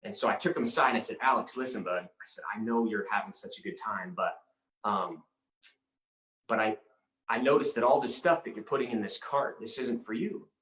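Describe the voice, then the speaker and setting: A man giving an inspirational talk, telling a personal story in an earnest, halting way with many repeated words. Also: on the low side, fairly bright tone. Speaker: inspirational speaker. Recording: roomy echo.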